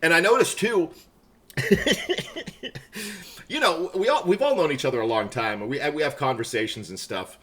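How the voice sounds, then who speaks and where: A man's voice: fairly high pitch, lively intonation, moderate pace, pauses often, bright, forceful tone. A middle-aged man chatting casually on a live stream, self-mocking and laughing often.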